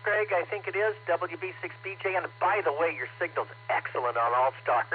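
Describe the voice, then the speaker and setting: A man's voice: high-pitched, normal speed. A man from Tennessee checking in on a ham radio net and giving a chatty weather report, with many fillers. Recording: tinny radio transmission with faint hum.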